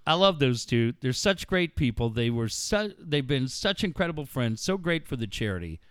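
A man's voice: mid-range voice, very animated, normal speed, clean tone, dry recording, studio quality. A middle-aged man co-hosting a radio show, telling stories in casual banter, swearing freely and laughing as he goes. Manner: storytelling, swearing a lot, laughing.

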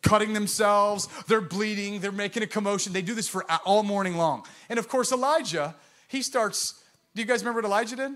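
A middle-aged man preaching a sermon, impassioned, moving between loud proclamation and hushed intensity, often asking the congregation questions. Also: sits high, a little fast. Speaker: pastor.

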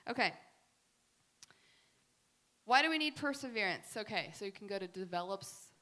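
Bright-voiced woman telling animated stories. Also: mid-range voice, normal speed. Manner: animated, chatty storytelling with many fillers. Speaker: speaker at a faith gathering. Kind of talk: faith talk with personal stories and slides.

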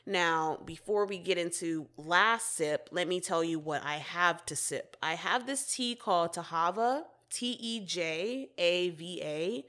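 A woman's voice: fairly low pitch, measured pace, few pauses, a bit bright. A young woman hosting her own podcast, talking candidly and casually, with frequent swearing. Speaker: podcast host. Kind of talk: casual solo podcast talk.

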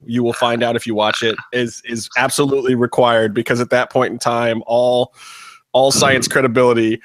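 A man's voice: medium pitch, flat delivery, normal speed, fairly bright tone, no echo, studio quality. Chatty man co-hosting a live show. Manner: joking, chatty, rambling. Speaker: podcast co-host. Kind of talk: casual chat.

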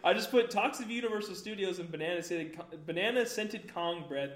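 A man's voice: sits high, fairly quick. A young man hosting a podcast, reading his notes aloud and telling stories with lots of laughing and swearing. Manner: laughs often, swears freely, animated storytelling. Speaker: podcast host. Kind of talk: casual group chat, reading notes aloud. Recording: echoey room.

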